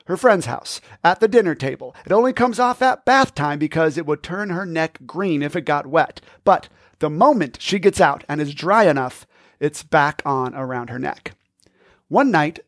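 A man's voice: on the high side, no room sound, clean studio sound. A man hosting a podcast, telling a story in an upbeat, casual way. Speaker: podcast host.

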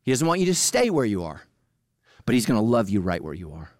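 Man, middle-aged, pastor, sermon, fervent, loud to hushed, dry close sound. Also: fairly low pitch, very animated, no echo. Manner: passionate preaching that swings from loud bursts to hushed, slow emphasis.

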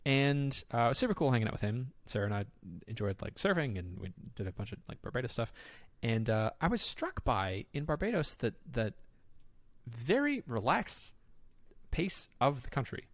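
A man's voice: mid-range voice, big pitch swings, fairly quick, few pauses, no echo. A man co-hosting a podcast in casual chat, rambling enthusiastically with many fillers and restarts.

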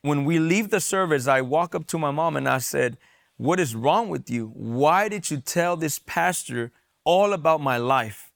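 A man's voice: a little high, animated, unhurried, vocal fry. A young man from San Diego sharing a personal testimony in an earnest storytelling way, stumbling over repeated words at times. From San Diego, USA. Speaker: testimony guest.

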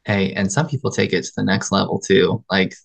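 A woman's voice: rumbling low, brisk, vocal fry, dry recording, poor audio. A woman cosplayer as a podcast guest, telling stories politely, avoiding swearing and laughing often. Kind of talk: casual interview chat.

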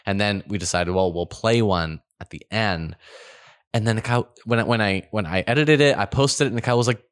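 Male podcast co-host, deep voice, dry delivery, relaxed banter. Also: brisk, clear, resonant tone, dry recording. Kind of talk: casual chat.

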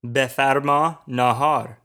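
A man's voice: mid-range voice, fairly even intonation, slow pace, sharp tone. A man co-hosting a language lesson podcast as the learner, repeating new words back. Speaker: co-host, learner.

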